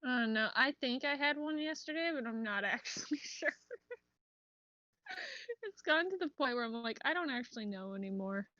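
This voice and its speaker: A woman's voice: high voice, lively intonation, normal speed, long pauses, pushed and bright, dry recording. Wry young woman on a dull mic. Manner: wry, joking, laughs between lines. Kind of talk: casual chat on a livestream.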